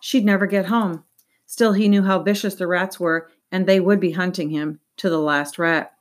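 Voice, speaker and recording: A woman narrating an audiobook in a steady reading voice, with a few small slips. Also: on the low side, normal speed.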